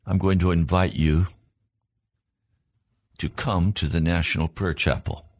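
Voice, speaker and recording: A man's voice: deep voice, steady tone, measured pace, no echo. A man preaching a sermon as a pastor, in an earnest, emphatic cadence built on repeated phrases.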